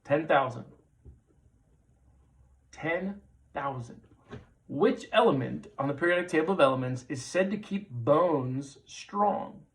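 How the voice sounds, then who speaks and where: A man's voice: a little high, animated, slow pace, long pauses. A man in his thirties hosting a trivia quiz, repeating questions with playful jokey asides. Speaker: trivia show host.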